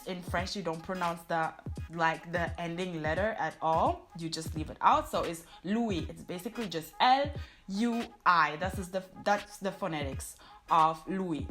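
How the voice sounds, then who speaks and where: A woman teaching pronunciation, explaining step by step and repeating each word slowly, with light music behind her. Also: lowish voice, fairly bright tone. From German-speaking. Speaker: language teacher. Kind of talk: pronunciation lesson.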